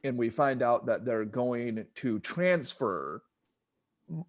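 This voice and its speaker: A man's voice: mid-range voice, expressive, slow. A man co-hosting a film podcast, chatting casually, laughing often and checking in with "right?". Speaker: podcast co-host.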